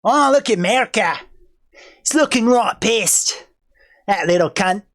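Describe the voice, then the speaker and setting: A woman's voice: medium pitch, expressive, a little slow, lightly acted. A woman putting on a brash swearing Australian patriot. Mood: taunting. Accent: put-on Australian. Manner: loud, taunting, crude, mock-aggressive. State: stuffed up with a cold.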